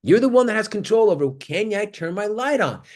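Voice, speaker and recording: A man giving an animated motivational talk on a video call, swinging from loud exclamations to near-whispers. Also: sits high, fairly quick. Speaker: guest speaker on an acting workshop call.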